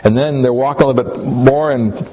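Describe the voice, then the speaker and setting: A man's voice: mid-range voice, fairly even intonation, a little fast, mellow, rough recording. A man preaching a sermon and retelling a story in a folksy, conversational way, with hesitant fillers.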